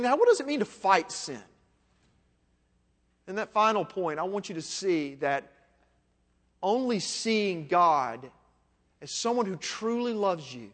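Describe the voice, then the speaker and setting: A man's voice: high voice, a bit bright, big-room sound. A man pastor preaching a sermon in a conversational way, asking his listeners rhetorical questions.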